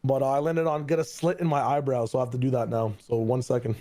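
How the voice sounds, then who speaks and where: A man's voice: medium pitch, level tone, fast talker, dark tone. A man chatting casually with friends on a stream, nervous and laughing. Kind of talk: casual chat.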